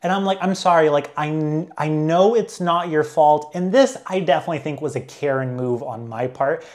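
A man's voice: fairly high pitch, normal speed, a little mellow. Chatty young man telling a story. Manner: chatty, many filler likes and restarts. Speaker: travel vlogger. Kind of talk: casual storytelling.

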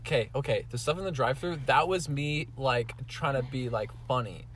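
A man's voice: mid-range voice, a little fast, a bit bright, slight background noise. A young man co-hosting a casual podcast in a car, hesitant and defensive, with many fillers. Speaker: podcast co-host. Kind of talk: casual chat. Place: in a parked car.

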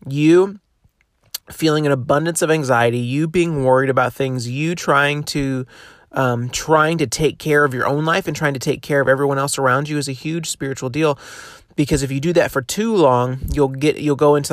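A man's voice: mid-range voice, dry recording, studio quality. Casual young man giving a devotional podcast. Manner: conversational, encouraging, many fillers and restarts. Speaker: podcast host.

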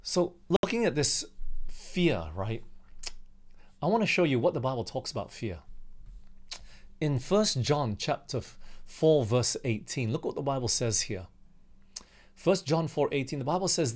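A man's voice: a little high, sing-song, measured pace. A young man from Australia who leads a Bible study in a conversational sermon style, often asking his listeners questions and acting out what people said. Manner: conversational, asks the listener questions, acts out quotes. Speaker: pastor leading a Bible study.

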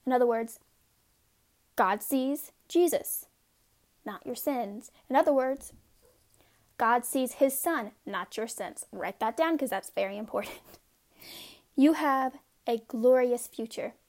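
A woman's voice: on the high side, slow, long pauses, a little mellow. A woman giving a casual devotional talk. She reads scripture passages aloud in an earnest way and breaks off for informal asides to her listeners. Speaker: devotional speaker.

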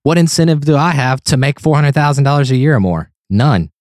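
Man, mid pitch, blunt sarcastic co-host, dry close mic. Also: animated, fairly quick, a little mellow, no room sound. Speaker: podcast co-host. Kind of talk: casual political chat.

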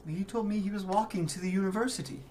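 A man's voice: high voice, fast talker, a little mellow, slight background noise, voice pushed up, natural voice. A man voicing a middle-aged mother grieving her husband, stammering and breathless through tears. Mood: anxious grief.

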